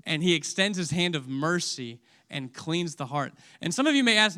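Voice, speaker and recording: A man preaching a sermon with emotion, dropping to a hush and rising again, often asking his listeners questions. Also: a little high, lively intonation, moderate pace. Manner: emotional, swings from loud to hushed; asks audience questions.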